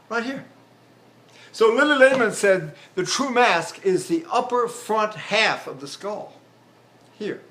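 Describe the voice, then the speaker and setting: A man's voice: high-pitched, expressive, a little slow, pauses often, fairly bright tone, a little hiss or hum. An older male voice teacher giving a rambling lecture on vocal technique, breaking into demonstrations and sung vowels.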